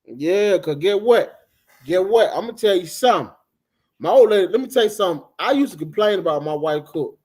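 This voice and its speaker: A middle-aged man co-hosting a casual chat, telling animated, profane stories and acting out the people he quotes. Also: sits high, fairly quick. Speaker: co-host.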